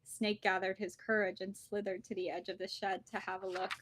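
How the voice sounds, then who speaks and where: A woman bookseller reading a children's storybook aloud with lively, expressive storytelling. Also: medium pitch, fairly quick, slight background noise.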